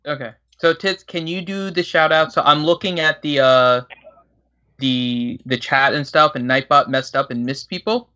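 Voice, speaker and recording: A man hosting a gaming live stream, explaining stats in a halting, filler-heavy way. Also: on the high side, fairly even intonation, sharp tone, highs cut off. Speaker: stream host giving the meta report.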